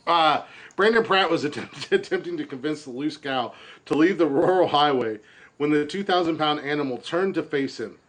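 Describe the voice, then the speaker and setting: A man's voice: a little high, normal speed, fairly bright tone. A man hosting a comedy podcast, reading a news story and riffing on it crudely while laughing at his own jokes. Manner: laughs through his own jokes, stumbles over words. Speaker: podcast host.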